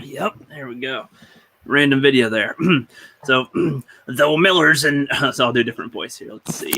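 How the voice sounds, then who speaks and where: A man's voice: medium pitch, normal speed, vocal fry, slight background noise. A man hosting a casual chat show, reading articles aloud and laughing often between jokes. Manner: laughs often, animated, joking. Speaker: podcast host.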